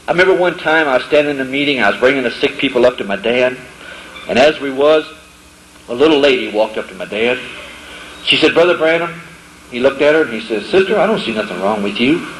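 A middle-aged man tells homespun testimony stories at a camp meeting, slipping into the voices of the people he quotes. His voice sits at an ordinary pitch and carries the echo of a large hall. A faint murmur of ambience hangs behind him. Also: a little fast, a bit bright, slight background noise. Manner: storytelling, acts out quoted voices, folksy grammar. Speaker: preacher giving a testimony. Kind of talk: folksy testimony to young people.

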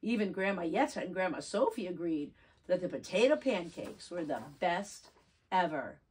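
A preschool teacher reading a picture book aloud to children, gentle and expressive. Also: female voice, lowish voice, moderate pace, slightly rough.

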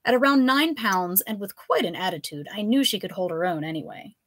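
A woman reading her own comic novella aloud with a lively, animated delivery. Her pitch moves around a great deal. The recording is dry, with no room sound. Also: brisk, no room sound. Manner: expressive, animated storytelling. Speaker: author and reader. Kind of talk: live fiction reading.

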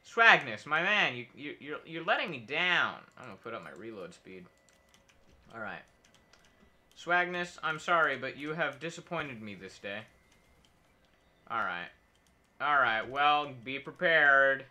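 A man's voice: mid-range voice, big pitch swings, unhurried, pauses often, sharp tone. A man streaming a video game, talking casually and joking in a rambling, mock-patriotic way. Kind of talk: casual gameplay commentary.

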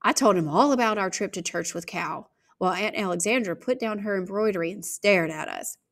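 A woman reading a novel aloud, expressive, shifting her pace and volume. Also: medium pitch, fairly quick. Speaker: audiobook reader.

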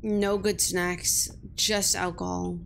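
A woman's voice: lowish voice, little pitch movement, slow pace, creaky, slight background noise. A young woman streaming a horror game, jumpy, swearing freely and talking back at the game as she plays. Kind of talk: live-streamed gameplay commentary.

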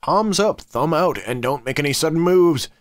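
A man's voice: on the high side, lively intonation, normal speed, no room sound, studio quality, natural voice. A man voicing a secretive, paranoid stranger who gives curt commands from behind a door. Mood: commanding.

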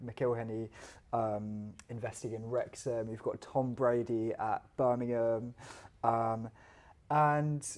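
In a medium-pitched voice with a darkish tone, this man co-hosts a podcast. The talk is casual chat, dotted with frequent laughter and fillers.

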